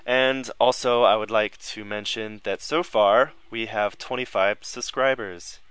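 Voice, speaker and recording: A man hosting a casual podcast, talking loosely with fillers and quick self-corrections. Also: fairly low pitch, fairly bright tone, clean tone, dry recording. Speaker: podcast host.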